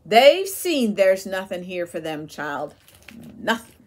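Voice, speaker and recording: A woman's voice: medium pitch, very animated, slow pace. A woman reading aloud and voicing a devout, tender older mother who talks in a folksy rural dialect. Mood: fervent.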